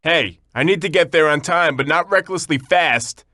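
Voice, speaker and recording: A fussy, anxious passenger. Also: female voice, low-pitched, moderate pace, fairly bright tone, dry recording, studio quality. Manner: worried, complaining. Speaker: taxi passenger. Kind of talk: video game dialogue.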